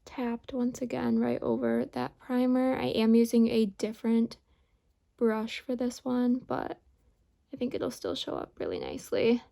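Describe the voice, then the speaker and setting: Slow, creaky-voiced woman explaining makeup. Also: on the high side. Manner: calm step-by-step explaining. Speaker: beauty vlogger. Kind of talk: makeup tutorial narration.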